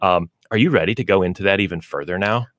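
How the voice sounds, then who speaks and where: A man with a fairly low voice hosts a pet advice radio show, talking in a relaxed, folksy way and now and then acting out little lines for dogs and owners. The sound is dry and close to the mic. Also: fast, no room sound. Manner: folksy, explains with acted dog and owner voices. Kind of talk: casual radio talk on pet training.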